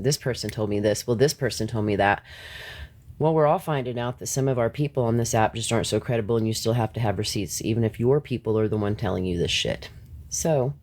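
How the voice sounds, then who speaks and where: A man's voice: lowish voice, fast talker, a little mellow. A man hosting a live stream, ranting bluntly and confrontationally at his viewers, swearing freely and laughing between points. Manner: talks back to chat, laughs between points.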